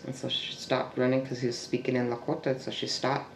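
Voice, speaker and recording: A man with a gravelly, creaky voice recounts a family story in a halting, searching way. He restarts sentences often and sometimes sinks into a hush. He is recorded in an echoey room with a faint noise underneath. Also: mid-range voice, little pitch movement. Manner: halting, with restarts and trailing fillers. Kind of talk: oral history storytelling.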